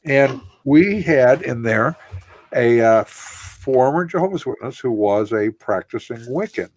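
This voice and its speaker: A man's voice: mid-range voice, lively intonation, unhurried, a little mellow, no room sound. Earnest man explaining at length. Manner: earnest, explains with long winding sentences. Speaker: co-host. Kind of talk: casual radio discussion.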